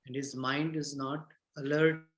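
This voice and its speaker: A man retelling a scripture story in a class, gentle and halting, with many fillers and restarts. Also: mid-range voice, level tone, roomy sound, poor audio. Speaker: storyteller teacher.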